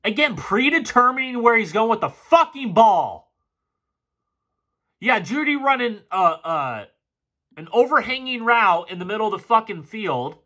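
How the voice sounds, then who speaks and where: Dude ranting over game tape, lively swingy voice, bright and a bit tense, cusses a lot. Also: male voice, sits high, a little slow. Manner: frustrated, sarcastic, swears often. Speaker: football film breakdown host. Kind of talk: casual play-by-play film commentary.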